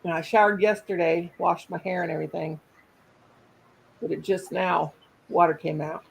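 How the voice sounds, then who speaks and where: Gravelly, husky woman chatting on a stream. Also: on the low side, steady tone, normal speed, low-quality recording. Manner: rambling, trails off mid-sentence. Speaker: live stream host. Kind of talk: casual live-stream chat.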